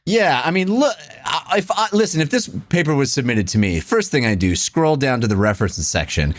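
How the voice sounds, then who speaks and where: Male podcast co-host, wildly swinging pitch, dry close sound, dry wit. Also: very animated, brisk, no echo. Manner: dry, joking, laughs often. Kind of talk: casual comedic chat.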